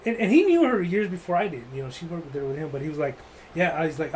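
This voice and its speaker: A man's voice: on the high side, animated, quick pace, a little hiss or hum, poor audio. A man telling a rambling, crude, joking story in casual chat, full of "like" and restarts.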